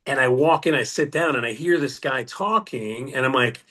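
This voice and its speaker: A man's voice: mid-range voice, normal speed, fairly bright tone. A man, a podcast guest, telling stories in casual chat, laughing as he goes, with rambling asides. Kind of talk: casual storytelling.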